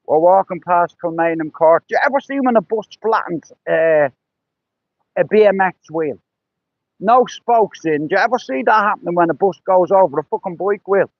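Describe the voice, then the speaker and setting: A man's voice: sits high, normal speed, no room sound, dull audio. A man telling rambling, profane stories on a livestream, with lots of "you know" between them. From Ireland. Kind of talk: casual storytelling on a livestream.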